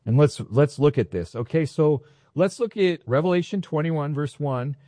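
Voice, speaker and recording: A man preaching with an animated, playful energy, his voice warm and mellow. The sound is close and dry, with no room around it. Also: on the high side, moderate pace, dry recording. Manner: animated, playful, excitable teaching. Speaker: pastor. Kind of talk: sermon.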